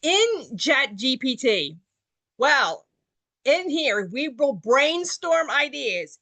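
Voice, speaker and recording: A woman leads an online workshop in a fairly high voice, walking through each point plainly and restating it in new words. She is getting over a cold, and her voice sounds close and dry with no room around it. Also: sing-song, extremely slow, sharp tone, dry recording. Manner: plain, explanatory, repeats points in other words. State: getting over a cold, coughing now and then. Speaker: workshop presenter.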